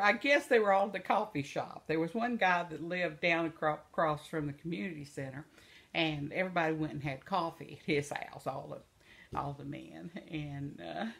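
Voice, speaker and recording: A woman's voice: sits low, vocal fry. An older woman telling funny stories in a rambling, casual way, often breaking into laughter and circling back with asides. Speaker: vlogger. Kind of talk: casual storytelling.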